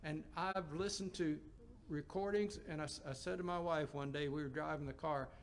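A man's voice: on the high side, fairly even intonation, normal speed, a little hiss or hum. A man preaching a sermon in a folksy, conversational storytelling way, with emphatic rises.

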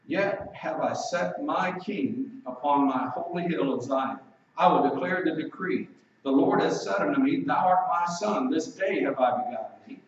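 A man's voice: fairly high pitch, a little hiss or hum. Emphatic preacher man in an echoey room. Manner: emphatic preaching, slows down to read scripture. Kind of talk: sermon. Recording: echoey, distant, dull recording.

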